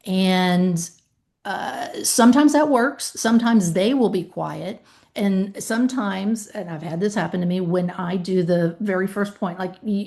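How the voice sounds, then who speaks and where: A woman's voice: mid-range voice, a little slow, a little mellow. Emphatic woman podcast host. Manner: emphatic, acts out phone calls with claimants. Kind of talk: casual podcast conversation.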